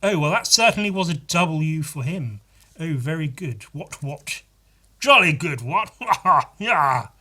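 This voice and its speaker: A man putting on a pompous upper-class English gentleman, plummy and full of exaggerated exclamations. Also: fairly high pitch, animated, very slow, few pauses, husky, voice pushed up, full character voice. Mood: jovial.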